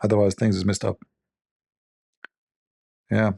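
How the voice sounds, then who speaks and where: Host type: husky, low-voiced man, mocking and rambling as he jokes. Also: little pitch movement, unhurried, dark tone, dry recording, studio quality. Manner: mocking, rambling, thinks aloud. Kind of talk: joking commentary.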